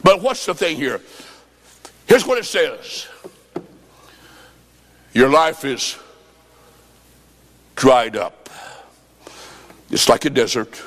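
A man preaching a sermon, telling a story with sudden shouts and sing-song phrases. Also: mid-range voice, big pitch swings, drawn-out words, pauses often. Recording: long reverb of a large hall.

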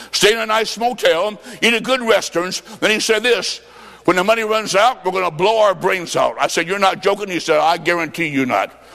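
A man preaching a revival sermon, fervent, with shouted bursts and stories told in quoted dialogue. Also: high-pitched, creaky. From US Midwest. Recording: long reverb of a large hall.

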